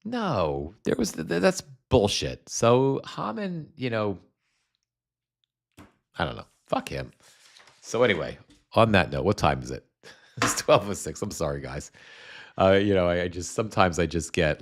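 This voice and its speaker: A middle-aged man from New Jersey hosts a casual political livestream. He talks in a fairly low voice, heated and profane. He stumbles into restarts and fillers, then presses on. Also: very animated, unhurried, gravelly, long pauses. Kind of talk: casual livestream commentary, reading chat.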